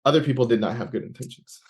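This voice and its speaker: A man's voice: medium pitch, darkish tone. A man as an interview guest, telling a personal story in conversation with many fillers and restarts. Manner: halting, many fillers and restarts, laughs while talking.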